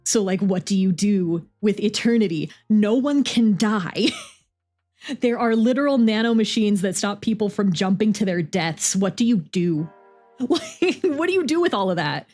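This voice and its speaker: A woman's voice: medium pitch, lively intonation, normal speed, darkish tone, soft background music. A young adult woman streamer musing aloud in a chatty, filler-heavy way between story readings.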